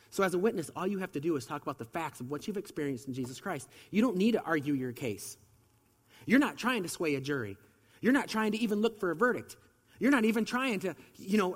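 Fast-talking preacher with a cold. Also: male voice, high-pitched, in a large hall. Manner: conversational, fast, with rhetorical questions. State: has a cold. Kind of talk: sermon.

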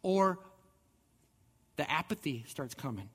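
A man's voice: on the high side, lively intonation, slow pace, breathy edge, long reverb tail. A man giving a sermon as pastor, conversational and earnest, often restarting his words. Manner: conversational preaching with repeated restarts.

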